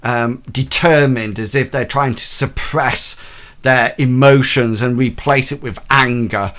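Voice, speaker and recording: A man's voice: medium pitch, fairly even intonation, measured pace, fairly bright tone. A man narrating a tabletop role-playing game as game master, in a hesitant way with many ums and restarts.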